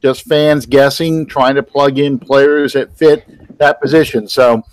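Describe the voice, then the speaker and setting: A man's voice: medium pitch, fairly even intonation, a little slow, no room sound, poor audio. A man hosting a casual sports podcast, wrapping up the show in an easygoing way. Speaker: podcast host.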